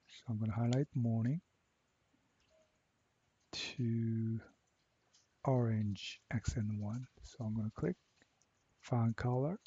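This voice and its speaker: A man walking through a software assignment step by step, repeating each instruction slowly. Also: medium pitch, husky, muffled recording. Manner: slow, step-by-step, repeats cell names. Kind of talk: screen-recorded software tutorial.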